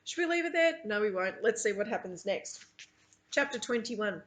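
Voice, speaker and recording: A woman's voice: medium pitch, animated, moderate pace, a bit bright. A woman teacher reading a novel aloud to her students, with chatty asides between passages.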